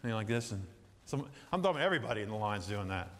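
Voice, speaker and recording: A man's voice: fairly low pitch, fast, slight background noise. A middle-aged man preaching a sermon in a church, telling folksy stories and acting out little scenes as he goes. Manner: folksy, animated storytelling with acted-out asides. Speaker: pastor. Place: church sanctuary. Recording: long hall reverb.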